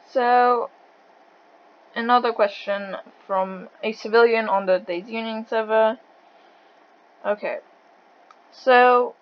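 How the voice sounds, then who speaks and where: Slow-talking woman interviewer, thick accent. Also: on the high side, steady tone, muffled recording. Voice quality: says she has a thick accent. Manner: blunt, swears freely, laughs often. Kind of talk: casual online interview over voice chat.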